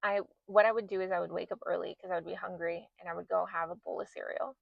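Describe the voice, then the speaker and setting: Speaking quickly in a lowish, gravelly voice with a steady tone, a woman in her thirties hosts a podcast; the recording lacks room sound and its highs are cut off. She recounts a personal experience with candor and emotion, acting out what she used to say.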